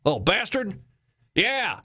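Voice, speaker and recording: A man's voice: sits high, sing-song, slow, bright, forceful tone, breathy edge, voice pushed up, full character voice. A man doing a mock Texas accent as a brash, crude male caller phoning the base. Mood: folksy.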